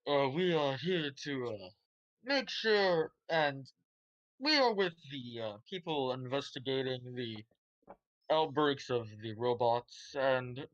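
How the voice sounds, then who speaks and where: A man playing his character in a tabletop game, speaking hesitantly with halting pauses. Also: medium pitch, lively intonation, fairly bright tone, lo-fi sound. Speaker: player.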